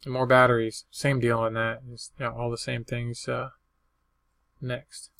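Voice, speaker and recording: An older eBay reseller talks a little slowly in a level, medium-pitched voice that's fairly bright with vocal fry, and there's no echo. Casually showing off what he resold, he rambles in a folksy manner, listing costs, sale prices, and dates.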